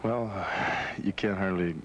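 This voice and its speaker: A man, a wrestling champion, answering interview questions in a calm, plain-spoken, earnest way. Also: low voice, normal speed, slight background noise, low-quality recording.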